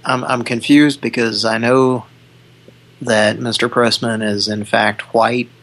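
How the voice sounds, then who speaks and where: Deadpan wisecracking man. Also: mid-range voice, takes it slowly, low-quality recording. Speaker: co-host. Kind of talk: loose live banter.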